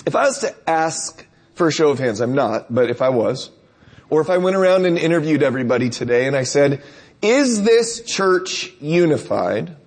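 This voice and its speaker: A man's voice: medium pitch, lively intonation, a little fast, darkish tone, breathy edge. A man preacher delivering a conversational sermon, telling stories and asking rhetorical questions.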